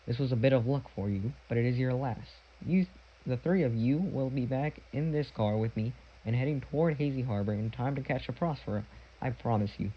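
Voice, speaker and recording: A man's voice: medium pitch, a little fast, slightly rough, lo-fi sound, natural voice. A man reading a sly villainous man who hisses threats and puts on fake sorrowful politeness. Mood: menacing.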